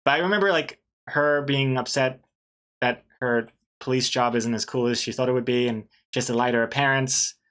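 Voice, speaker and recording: A man's voice: medium pitch, normal speed, a bit bright. A man casually chatting on a live art stream while he draws, rambling, trailing off and laughing often. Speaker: artist streaming while drawing.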